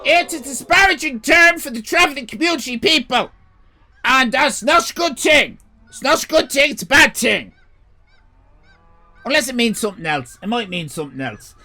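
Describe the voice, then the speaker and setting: An Irish man hosting a live stream, chatting casually and rambling, swearing and breaking into shouts. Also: extremely high pitch, very animated, normal speed. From Ireland. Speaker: livestream host.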